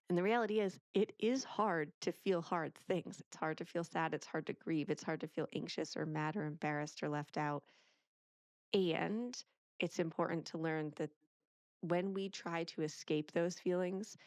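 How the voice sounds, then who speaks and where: Animated woman telling parenting stories. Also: fairly low pitch, no room sound, studio quality. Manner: animated storyteller who acts out quoted speech. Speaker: parenting author and guest. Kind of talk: casual interview conversation.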